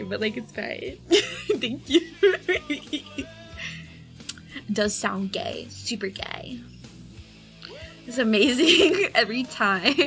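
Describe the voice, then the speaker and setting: This is a young woman streaming her drawing, talking casually with frequent fillers, giggles and squeals. Her voice is on the high side with a fairly bright tone, and the audio is poor.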